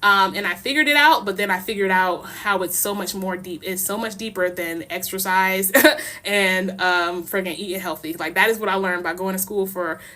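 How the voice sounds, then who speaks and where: A young American woman hosting a casual livestream, talking in a rambling, passionate way with quick laughs and many restarts. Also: medium pitch, pushed and bright. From United States. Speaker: livestream host.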